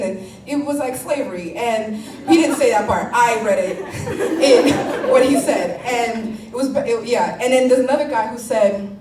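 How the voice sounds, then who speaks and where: A woman's voice: a little high, moderate pace, roomy sound, distant mic, a little hiss or hum, rough recording. A laughing woman comic, swearing. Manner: animated, laughing often, swearing, mock-quoting people. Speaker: stand-up comedian. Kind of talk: stand-up comedy set.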